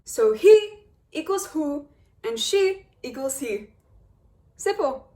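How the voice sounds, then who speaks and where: A young woman with a high voice runs a casual video lesson. She sounds upbeat and cheers her viewers on as she explains each step. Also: sing-song, takes it slowly, warm tone. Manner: upbeat, encouraging, addresses viewers as guys. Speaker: language teacher.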